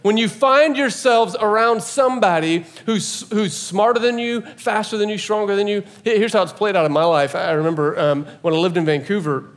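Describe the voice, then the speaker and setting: A man preaching a sermon, talking casually with jokes to the congregation and building to loud emphatic peaks. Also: high voice, moderate pace, few pauses. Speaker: pastor.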